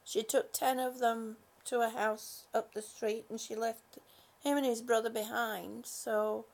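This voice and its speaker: A woman hosts a casual live stream, calling each viewer honey or sweetie as she greets them. Her voice sits high but carries a gravelly edge, and she talks at an unhurried, meandering pace. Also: flat delivery, a little mellow. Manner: greets viewers one by one with affectionate pet names; rambling, with many fillers and restarts.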